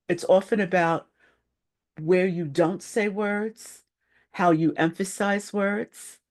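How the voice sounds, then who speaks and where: A middle-aged woman coach talks in a slow, unhurried way, leaving deliberate pauses between phrases. Her voice sits a little low for a woman. It is a steady, measured live-stream talk on leadership.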